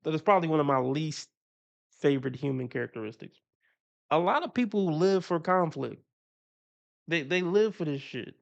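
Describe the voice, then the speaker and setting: A man's voice: fairly high pitch, expressive, moderate pace, creaky, pauses often, highs cut off. A man giving casual, profane reaction commentary on a stream, chuckling often as he talks through his opinions.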